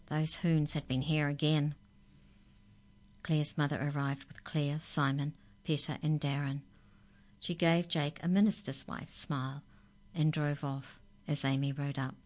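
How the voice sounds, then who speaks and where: Low-voiced woman reading a children's story.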